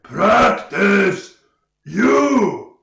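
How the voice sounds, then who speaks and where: A man voicing a huge, round, dim-witted male ogre who shouts in short broken words. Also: high-pitched, sing-song, drawn-out words, gravelly, very echoey, highs cut off, pitched above the performer's own voice, exaggerated voice. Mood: bellowing.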